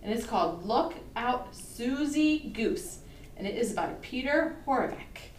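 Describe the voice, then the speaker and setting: A woman librarian with a voice on the high side reads a picture book to toddlers, animated and a little slow, in a sing-song style that coaxes the children to join in. There's a slight hiss or hum, and the distant mic picks up a roomy space with faint ambience.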